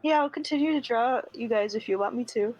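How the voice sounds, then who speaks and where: A young woman playing in a tabletop game, giggly and answering quickly in character. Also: a little high, a little mellow, muffled recording, soft background music. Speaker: player. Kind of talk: tabletop role-play.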